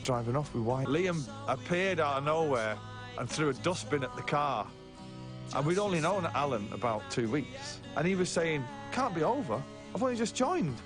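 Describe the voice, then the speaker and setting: A man's voice: fairly high pitch, animated, moderate pace. A man telling blunt, sweary band stories in a documentary interview, laughing his way through them. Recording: voice under loud music.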